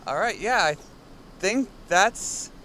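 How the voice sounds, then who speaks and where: Bright high-voiced man chatting casually. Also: slow, slight background noise. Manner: relaxed, joking. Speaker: guest. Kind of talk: casual chat.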